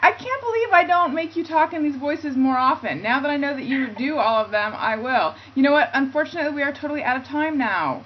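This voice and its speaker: A woman's voice: high-pitched, lively intonation, fairly quick, hardly any pauses, a little hiss or hum. A woman hosting a comedy chat show, laughing and encouraging her guest. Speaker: host. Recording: dull lo-fi sound.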